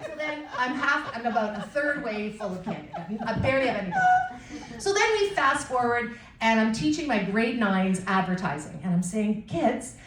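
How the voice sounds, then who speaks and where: A middle-aged woman performing a stand-up routine, telling stories in an animated, self-mocking way on a comedy club stage. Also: fairly high pitch, moderate pace, slight background noise. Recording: distant mic in an echoey room with a loud crowd. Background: audience laughter and cheers.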